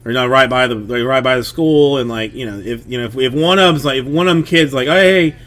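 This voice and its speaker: A man's voice: mid-range voice, fast, a bit bright. Rambling, filler-heavy man. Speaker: streamer, father of a young daughter. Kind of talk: casual livestream chat.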